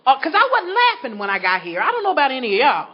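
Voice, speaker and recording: A woman sharing her story with an audience at a recovery meeting, animated and laughing as she talks. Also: high-pitched, fast talker, slight background noise. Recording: dull recording with a crowd behind.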